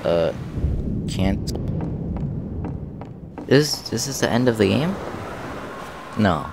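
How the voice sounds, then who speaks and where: Slow-talking excitable male gamer. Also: lowish voice, vocal fry, background noise. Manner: excitable, blurting reactions. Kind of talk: let's play commentary.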